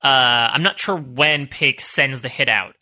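A man's voice: mid-range voice, takes it slowly, sharp tone. A man co-hosting a podcast, chatting casually with an enthusiastic, rambling, jokey manner. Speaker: podcast co-host. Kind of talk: casual chat.

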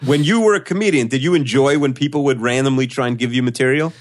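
Quick jokey guy co-hosting a podcast, talks fast, mid pitch. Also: no echo, studio quality. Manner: quick-witted, jokey asides. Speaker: podcast co-host. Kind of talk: casual chat.

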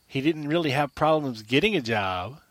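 A man hosting a solo podcast, pressing his point with emphatic repetition and rhetorical questions in a mid-pitched voice. The recording is dry and close, with no room echo. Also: animated, moderate pace, fairly bright tone. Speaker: podcast host. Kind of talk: argumentative solo monologue.

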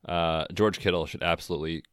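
A man co-hosting a podcast, chatting casually about football with a relaxed, chatty manner. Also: low-pitched, a little fast, clear, resonant tone, no echo, clean studio sound. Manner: relaxed, chatty, frequent fillers. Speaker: podcast co-host. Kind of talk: casual sports chat.

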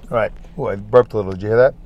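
A man's voice: lowish voice, a little mellow, dry recording, muffled recording. A man with a Brooklyn accent hosting a rambling solo podcast, chatty, repetitive and self-deprecating. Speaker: podcast host. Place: in a parked car.

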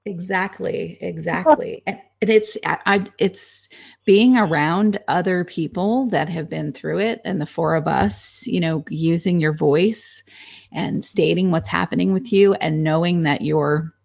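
Low gravelly woman co-hosting a chat podcast, candid and animated, dry slightly dull sound. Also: dry recording. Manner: animated and candid, quick asides, laughs easily. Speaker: co-host.

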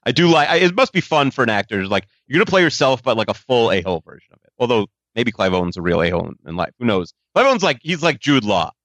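A man's voice: medium pitch, very animated, quick pace, fairly bright tone, no room sound. A man chatting casually on a podcast, opinionated and emphatic. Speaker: podcast co-host. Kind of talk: casual chat.

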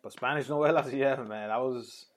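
A man's voice: medium pitch, normal speed. Laid-back man telling stories. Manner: relaxed storytelling, mixes in Spanish phrases. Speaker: podcast co-host. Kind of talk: casual chat.

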